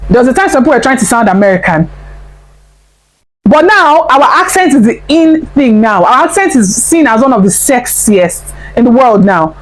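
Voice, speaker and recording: Animated Nigerian-accented woman vlogger. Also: fairly high pitch, normal speed, low-quality recording. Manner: animated, repeats phrases for emphasis, laughs often. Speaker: commentary channel host. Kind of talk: casual commentary vlog.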